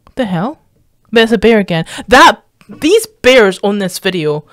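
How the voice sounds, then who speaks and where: A woman's voice: medium pitch, unhurried, no room sound. Chatty Scottish woman, dry close sound. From Scotland. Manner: rambling, sweary, bursts into excited squeals and laughs. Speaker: streamer reacting to videos. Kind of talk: casual reaction commentary.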